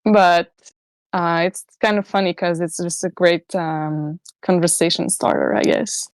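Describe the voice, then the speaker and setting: A woman's voice: on the low side, fairly even intonation, a little slow, smooth, no echo. A woman from Quebec with a French-Canadian accent, a native French speaker co-hosting a podcast in English. She speaks hesitantly, searches for words and laughs often. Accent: Québécois French. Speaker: podcast co-host. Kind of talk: casual podcast chat.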